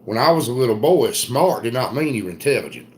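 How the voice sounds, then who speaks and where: A man's voice: medium pitch, expressive, slight background noise. Folksy Eastern North Carolina man. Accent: Eastern North Carolina Southern. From Southern United States. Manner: folksy, drawn-out storytelling. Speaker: livestream host. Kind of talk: casual live chat reading comments.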